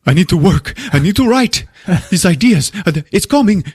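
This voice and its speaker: A man's voice: medium pitch, huge pitch swings, normal speed, darkish tone, slightly rough, dry recording, studio quality, full character voice. A man doing a grandiose, dreamy male writer. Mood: excited. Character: self-absorbed male writer, dreamy and dramatic.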